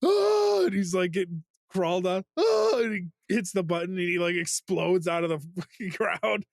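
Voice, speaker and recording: A man's voice: sits high, level tone, a little fast, creaky, dry recording, clean studio sound. A man co-hosting a casual podcast, telling movie scenes in an easygoing way and acting out the quotes. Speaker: podcast co-host. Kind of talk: casual chat.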